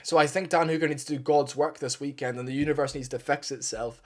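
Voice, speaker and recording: A man's voice: fairly high pitch, fairly even intonation, quick pace. Blunt, swearing man breaking down a fight. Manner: blunt, swearing, fired-up and partisan. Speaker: MMA fight analyst. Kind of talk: casual opinionated fight breakdown.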